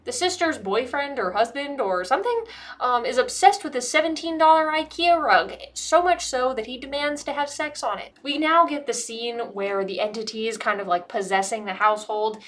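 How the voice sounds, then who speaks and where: A woman's voice: on the high side, a bit bright. An American woman giving a casual comedic movie review, sarcastic and profane, rambling and a bit tipsy. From United States.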